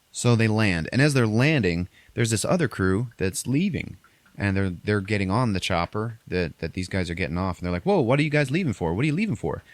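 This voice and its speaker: A man hosts a podcast, retelling a movie plot in loose, profane chat and briefly acting out characters in exaggerated high voices. His voice sits low. The sound is dry and close, with no room around it. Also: no echo. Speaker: podcast host recapping a movie. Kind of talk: casual chat.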